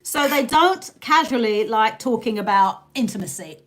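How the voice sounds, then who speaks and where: A woman's voice: a little high, expressive, measured pace, a bit bright. A British woman hosting a casual live stream, chatting and laughing with her viewers and thanking them by name. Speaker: livestream host.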